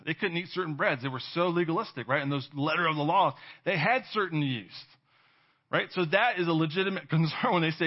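Fairly high in pitch and fairly quick, a California pastor preaches a chatty sermon. He keeps checking in with "right?", laughs now and then, and gives voice to the people he quotes, all on dull lo-fi audio.

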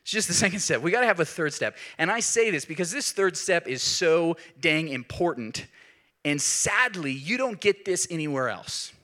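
A man preaching a sermon in an animated way, rising to emphatic peaks. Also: a little high, normal speed. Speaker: pastor.

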